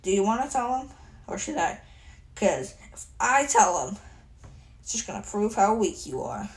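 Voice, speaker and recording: A woman voicing a young hero boy who bluntly taunts his bully, in a flat, plain voice. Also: mid-range voice, moderate pace, poor audio. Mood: taunting.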